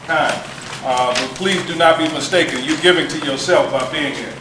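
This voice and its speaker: A man's voice: fairly high pitch, normal speed, noisy background. A man leading a community meeting, stressing and repeating his key points to the room. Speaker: meeting organizer. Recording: echoey room from far off.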